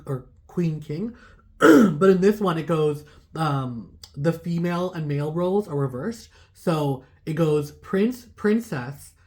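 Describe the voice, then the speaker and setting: A woman's voice: low-pitched, darkish tone. A woman giving a casual tarot reading to her viewers, rambling with lots of "like" fillers and laughing at herself. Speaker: tarot reader.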